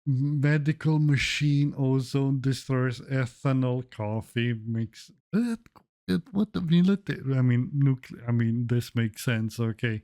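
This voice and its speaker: A man's voice: mid-range voice, unhurried, dark tone. A young man streaming his reaction to a video, swearing often with blunt, incredulous asides. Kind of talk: casual reaction commentary.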